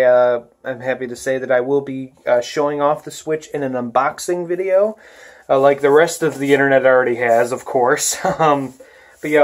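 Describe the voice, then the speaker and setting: A man's voice: medium pitch, darkish tone. Tired young man rambling into his phone. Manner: rambling, tired, many fillers and restarts. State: tired and worn out. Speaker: vlogger. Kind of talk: casual vlog talk. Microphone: phone camera.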